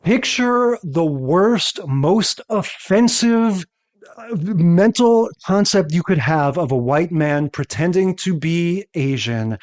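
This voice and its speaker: A man co-hosting a podcast in casual chat, rambling and often checking in with a quick "right?". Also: high voice, expressive, a little mellow. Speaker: podcast co-host.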